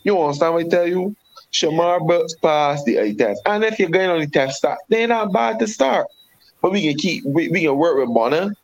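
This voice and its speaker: A man's voice: fairly high pitch, expressive, normal speed, gravelly. A man with a West Indian accent, a regular panelist arguing heatedly about cricket in a repetitive, emphatic way. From Caribbean. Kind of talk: heated sports debate. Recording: dull lo-fi sound.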